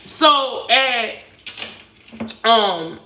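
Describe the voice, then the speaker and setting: A woman's voice: fairly high pitch, expressive, extremely slow, pushed and bright, a little hiss or hum. A woman in her thirties chatting candidly with viewers in casual slang while she cooks in her home kitchen. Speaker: vlogger. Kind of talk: casual storytime chat while cooking. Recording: echoey kitchen.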